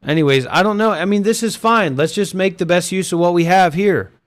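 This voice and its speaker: A man's voice: sits high, brisk. Crude swearing man hosting a chat. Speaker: host of an online voice chat stage. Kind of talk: casual chat. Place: online voice chat.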